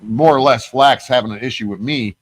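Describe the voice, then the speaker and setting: A man's voice: mid-range voice, a little fast. A man hosting a podcast, telling long, heated stories full of swearing and restarts. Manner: profane, heated, rambling storytelling. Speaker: podcast host. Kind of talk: casual conversation.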